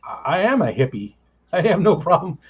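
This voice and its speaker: A man's voice: high voice, very animated, a little fast, husky. A man hosting a livestream in easygoing, casual chat, laughing often and thinking aloud. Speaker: livestream host. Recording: slightly muffled lo-fi audio.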